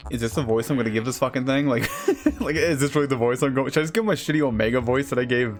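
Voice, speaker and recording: A man's voice: medium pitch, fast. Guy streaming a game, cussing and cracking jokes, faint music in the back. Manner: profane, joking, laughs often. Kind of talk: casual gameplay commentary.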